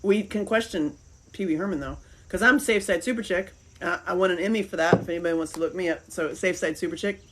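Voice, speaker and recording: A middle-aged woman hosts a podcast in a loose, rambling way, jumping between animated stories. Her voice sits a little low, with a faint hiss of noise behind it. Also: fast. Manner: rambling, animated storytelling with laughs. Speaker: podcast host. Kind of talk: casual chat.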